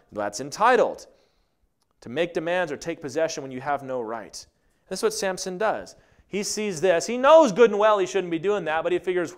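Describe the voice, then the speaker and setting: A man preaching a sermon as pastor, animated and acting out the people he quotes. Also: a little high, normal speed. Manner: animated, acts out quoted voices.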